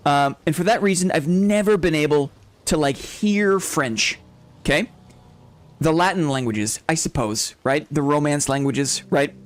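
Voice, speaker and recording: A man's voice: on the high side, unhurried. A young man hosting a casual live stream who rambles, laughs often and keeps asking "right?". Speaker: game streamer. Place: home streaming setup.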